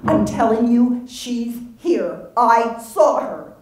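Woman doing a shrill, desperate mother in a reading, heard from far off in a roomy hall. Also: animated, slow, a little mellow. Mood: frantic. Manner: breathless, pleading, shrill. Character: frantic grieving mother, middle-aged woman.

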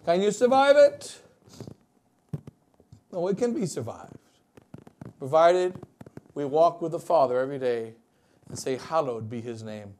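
Man, bishop, wedding sermon, high-pitched voice, loud stresses and hushed asides. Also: animated, unhurried, long pauses, a little hiss or hum. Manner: preaching with wide swings between loud emphasis and quiet asides.

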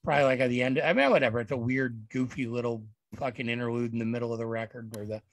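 Gravelly, laid-back male panelist. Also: medium pitch, steady tone, fast, dry recording. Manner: laid-back, indifferent, swears casually. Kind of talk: casual panel discussion.

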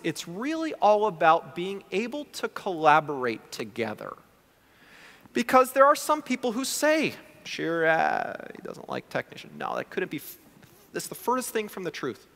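Giving a conference talk as a guest lecturer, a male prosthodontist speaks in a lively, conversational, animated way. His fairly high voice swings widely as he acts out his patients' words, and a long hall reverb trails each phrase.

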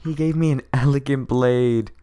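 Keys clatter near the mic as a young streamer excitedly narrates his game, stumbling over words and repeatedly thanking viewers. His voice is smooth and medium-pitched, at a moderate pace.

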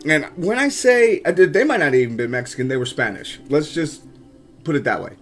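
A man with a slightly raised voice tells his story straight to camera in a loose, chatty way. He is animated and keeps turning to his viewers as "guys". Faint music sits under his talk. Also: on the high side, fairly quick. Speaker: vlogger and urban explorer.

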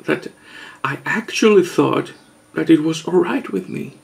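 Slow gravelly man confessing. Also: fairly high pitch. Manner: halting, hesitant, with long pauses; earnest and overwrought. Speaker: vlogger. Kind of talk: mock-serious confessional monologue.

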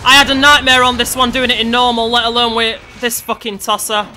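A woman giving sweary, shouty, frustrated let's-play commentary over her gameplay. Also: on the high side, flat delivery, fairly quick, a little hiss or hum.

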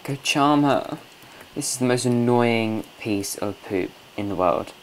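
A man's voice: medium pitch, measured pace, slight background noise. A man hosting a casual gameplay commentary from home, chatty, coaxing and scolding his game characters. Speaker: let's play host.

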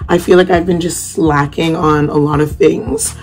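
A woman's voice: deep voice, steady tone, moderate pace, a little mellow, faint music behind. A young woman chatting casually to camera in a vlog at home, rambling with lots of fillers and restarts. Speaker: vlogger. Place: at home, indoors.

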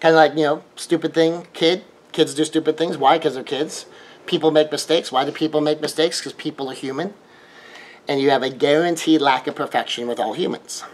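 A man's voice: on the high side, fairly even intonation, brisk. A middle-aged man, talking through relationship advice in a conversational monologue and now and then acting out quoted exchanges. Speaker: relationship teacher. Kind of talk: casual monologue.

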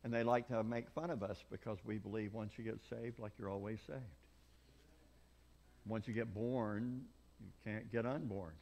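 A male preacher delivering a revival sermon, rising from quiet asides to loud shouted peaks and acting out the people he quotes. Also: moderate pace, creaky. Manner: animated preaching, swings from low asides to loud shouted climaxes; acts out quoted people in voices. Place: church sanctuary.

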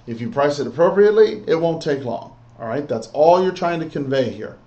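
A man's voice: a little high, expressive, brisk, mellow, roomy sound, muffled recording. A man teaching real estate agents, coaching them through a sales script and often checking in with "okay?" and "all right?". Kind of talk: instructional talk with role-play.

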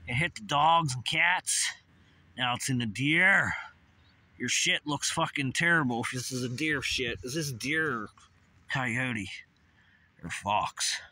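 Rambling, bright-voiced man on an outdoor walk. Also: mid-range voice, slow pace. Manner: rambling, swears casually, talks to animals and trees. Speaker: vlogger. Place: outdoors on a hilltop walking path. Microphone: phone camera.

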